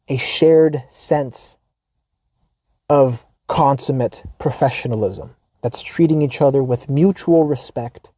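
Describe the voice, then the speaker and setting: With a warm, medium-pitched voice and an American accent, a podcast host reads through a forum post as a casual monologue. He's wry and profane, restarting often and adding quote-unquote asides. The sound is echo-free and studio quality.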